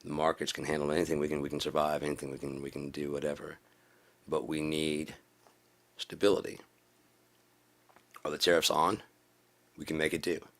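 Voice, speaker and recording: A man giving a profane political rant in a video blog, repeating himself and rising into preachy shouting. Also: rumbling low, little pitch movement, normal speed, pauses often. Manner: swearing, repetitive, builds to preachy shouting. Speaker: video blogger.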